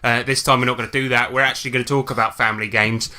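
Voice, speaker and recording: Bright-voiced man hosting casually. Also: medium pitch, little pitch movement, racing. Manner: joking, rambling with fillers. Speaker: podcast host. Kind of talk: casual podcast chat.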